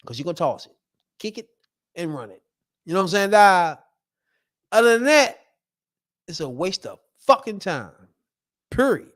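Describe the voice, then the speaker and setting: Animated profane man ranting. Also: sits high, normal speed, pauses often, no room sound, studio quality. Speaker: sports fan vlogger. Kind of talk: profane fan rant.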